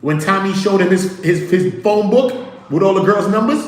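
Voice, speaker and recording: A man's voice: high-pitched, moderate pace, very echoey, low-quality recording. A man hosting a casual livestream, telling stories animatedly, acting out quotes and talking to his chat. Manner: animated storytelling, acts out quotes, talks to chat. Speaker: livestream host.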